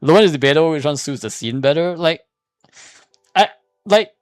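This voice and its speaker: A man's voice: on the high side, animated, moderate pace, dry recording, studio quality. A man streaming casual commentary, arguing a point in a rambling way with many restarts and fillers. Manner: repeats "here's the thing" when making a point.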